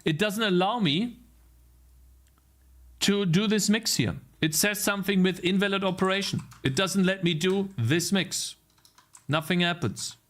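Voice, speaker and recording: A man's voice: high voice, unhurried, a bit bright. A man live-streaming his coding, talking to his chat as "guys" and swearing aloud at his code in exasperation.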